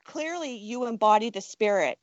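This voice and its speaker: A woman's voice: a little high, lively intonation, moderate pace, dry recording. Effusive uplifting woman podcast host. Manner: effusive, uplifting, long wordy sentences. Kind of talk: podcast interview. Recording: dry, dull lo-fi audio.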